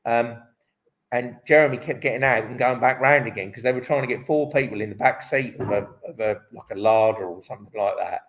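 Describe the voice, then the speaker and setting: Speaking a little fast in a medium pitch, this former motocross champion from Britain, now in his fifties, guests on a live online interview over a low-quality recording. His storytelling wanders, keeps starting over, and is packed with "um" and "like."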